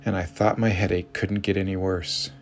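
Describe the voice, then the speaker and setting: Cranky tired husband, as a man reads him, low gravelly voice, curt. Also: flat delivery, normal speed, soft background music. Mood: irritable. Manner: curt, snappish. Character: tired, irritable fasting husband, adult man.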